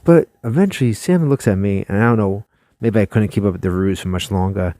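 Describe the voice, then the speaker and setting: A man hosting his own channel, telling a personal story in a chatty, animated way and laughing often. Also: on the low side, a little fast, no room sound. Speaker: channel host. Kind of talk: casual storytelling to camera.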